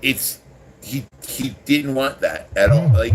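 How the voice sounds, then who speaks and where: A man's voice: mid-range voice, unhurried, slight background noise. A man hosting a casual livestream, rambling with many restarts and swearing freely as he talks to his chat. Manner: rambling, profane, irritated with chat. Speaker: livestream host.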